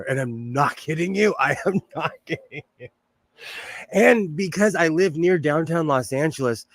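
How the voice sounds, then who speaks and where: A man hosts a sewing livestream from his home sewing room, talking in a loose, rambling way and often breaking into laughter. His voice sits a little on the high side, and the sound is close and dry with hardly any room echo. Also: fairly bright tone. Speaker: livestream host. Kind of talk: casual livestream chat while sewing.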